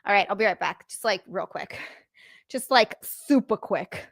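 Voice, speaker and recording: A young adult woman hosting a live stream, chatting casually and bubbly, greeting viewers and squealing with excitement. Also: medium pitch, moderate pace, vocal fry. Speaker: streamer and podcast host.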